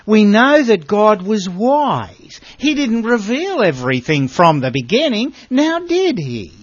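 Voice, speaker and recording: A man's voice: a little high, no echo, lo-fi sound. A man giving a Bible lesson as a sermon, earnest and emphatic, often asking his listeners rhetorical questions. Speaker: Bible teacher.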